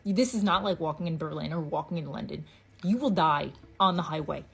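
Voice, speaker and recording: A woman's voice: deep voice, fairly quick, gravelly, breathy edge, rough recording. A woman from New Jersey delivering a blunt, profane, exasperated rant to camera. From New Jersey, USA. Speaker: content creator. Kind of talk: ranting monologue.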